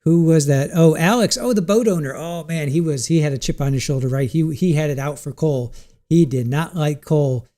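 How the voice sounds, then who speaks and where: Mellow-voiced man hosting a livestream. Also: fairly high pitch, brisk. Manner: rambling, reads viewer comments aloud. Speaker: livestream trial commentary host. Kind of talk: casual livestream chat.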